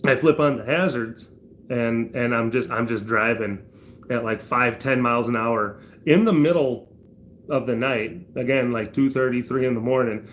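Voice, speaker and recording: Man telling a rambling story, middle pitch. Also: normal speed, fairly bright tone, a little hiss or hum. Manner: rambling, many fillers and restarts; laughs through the story, voice jumps up for retold outbursts. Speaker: livestreamer. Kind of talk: casual storytelling while reading chat.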